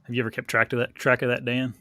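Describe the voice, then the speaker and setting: Laid-back bright-voiced man telling stories. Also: medium pitch, monotone, very fast, slight background noise. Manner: laid-back, rambling, filler-heavy. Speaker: podcast co-host. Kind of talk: casual storytelling chat.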